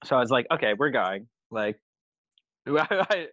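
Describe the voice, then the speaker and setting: A man's voice: mid-range voice, very animated, a little slow, a bit bright, no room sound, highs cut off. A man in casual podcast chat, telling a tour story with lots of swearing and laughter. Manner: swears a lot, laughs through his story. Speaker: touring musician telling a story.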